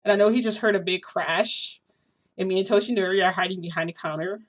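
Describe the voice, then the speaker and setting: A woman's voice: mid-range voice, quick pace. A woman telling a casual story in a rambling, giggly way, full of fillers and restarts.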